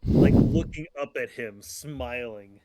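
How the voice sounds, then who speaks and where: A man playing a tabletop game, speaking haltingly with many fillers as he describes his character's actions. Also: medium pitch, heavy background noise. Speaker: player. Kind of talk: casual tabletop game talk.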